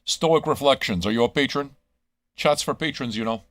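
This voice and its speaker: A man's voice: medium pitch, normal speed, fairly bright tone, dry recording. A man hosting a live radio stream, ranting crudely at his listeners with constant swearing and rhetorical questions. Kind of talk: crude rambling monologue to chat.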